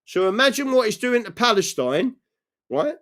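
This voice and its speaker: A man's voice: extremely high pitch, very animated, normal speed, fairly bright tone. A man hosting a live political stream, rambling earnestly, often asking "right?" and reading out viewer messages. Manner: reads out and answers viewer messages. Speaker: political livestream host.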